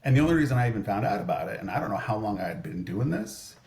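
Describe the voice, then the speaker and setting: A man's voice: on the low side, big pitch swings, rapid-fire, gravelly, a little mellow. A man in his thirties, a podcast guest telling stories in a casual, rambling way, full of "like" and restarts. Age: 30s. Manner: rambling, heavy use of "like", frequent restarts. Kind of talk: casual storytelling chat.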